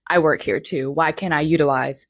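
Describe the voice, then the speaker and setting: A woman doing a deadpan young guy, low-voiced. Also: moderate pace, no room sound, studio quality. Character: young man in a playful couple.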